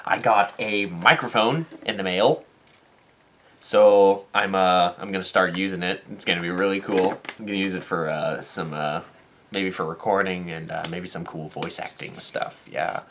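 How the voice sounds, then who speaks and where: A young man with a very deep, low voice tells a story in a casual vlog. He acts out each person in it with lively energy, and he grows quiet and sincere when the talk turns serious. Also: moderate pace, slight background noise. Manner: animated, acts out quoted people in the story; turns soft and earnest on serious topics. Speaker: vlogger and dance teacher.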